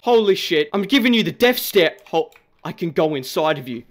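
A young Australian man giving excitable, joking let's-play commentary. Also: fairly high pitch, moderate pace, faint music behind. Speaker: gaming YouTuber.

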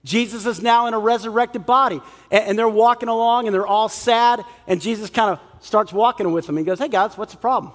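A man's voice: high-pitched, brisk, few pauses, long reverb tail. A man preaching a sermon as pastor, acting out the people in the story as he talks. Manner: animated, acts out the people in the story. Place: church hall.

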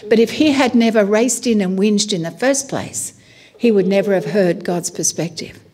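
A middle-aged woman pastor preaching a sermon in a chatty, animated way, full of asides and "you know". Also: mid-range voice, moderate pace. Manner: conversational with frequent "you know".

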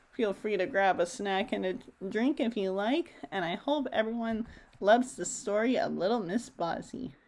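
Slow, expressive woman reading a children's story. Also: medium pitch. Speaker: storybook reader. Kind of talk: children's story read-aloud.

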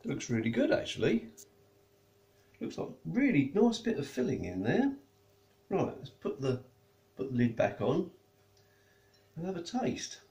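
A man's voice: a little high, wildly swooping pitch, a little slow, pauses often, darkish tone. A man chatting casually as he reviews food, tasting and eating while he talks. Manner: chatty, tastes and eats while talking. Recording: echoey room.

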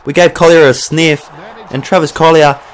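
A young Australian man giving excitable, sweary play-by-play commentary over a football video game he is playing. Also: a little high, moderate pace. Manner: mock sports commentator, swears freely when excited. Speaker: gaming channel host.

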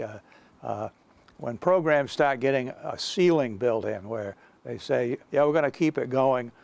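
Older man, gravelly voice, mid pitch, halting reminiscing lecture, frequent ums and restarts. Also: darkish tone. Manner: halting, many fillers and restarts. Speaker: guest lecturer recounting experience.

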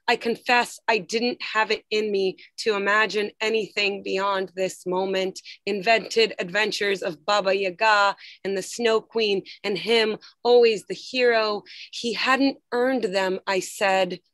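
Slow, measured woman reading poetry. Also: medium pitch, a bit bright, no echo. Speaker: poet reading her own work. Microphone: video call.

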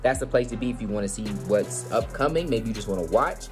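Excited man hosting a gaming channel. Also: lowish voice, quick pace. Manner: excited, stumbling over words. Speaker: channel host. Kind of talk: casual video intro. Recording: music playing behind.

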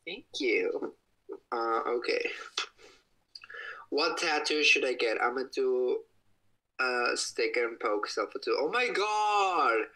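A young man chatting casually on a livestream from his home kitchen, excitable and gushing, breaking into high squeals, speaking into a phone held at arm's length. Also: takes it slowly, long pauses, rough recording.

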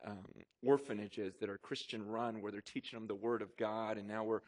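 A man preaching a sermon to his congregation, telling personal stories in an animated, conversational way with frequent asides. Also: on the low side, normal speed. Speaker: pastor. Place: church auditorium before a congregation.

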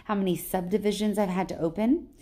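A woman's voice: mid-range voice, steady tone, quick pace, warm tone, close to an everyday voice. A woman reading aloud, voicing a proud, scornful male god of the underworld who grumbles and accuses. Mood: aggrieved.

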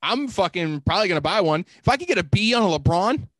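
A man with a notably high voice argues playfully with his co-host and swears casually. He pushes his points with a joking edge. The recording is dry and close, with no room sound. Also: animated, quick pace, a bit bright, no echo. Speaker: podcast co-host. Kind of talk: casual chat.

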